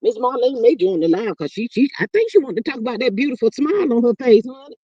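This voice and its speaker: A woman's voice: a little high, lively intonation, fast talker, husky, no room sound, dull audio. A woman hosting a casual livestream, greeting viewers by name and chatting playfully. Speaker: livestream host reading chat.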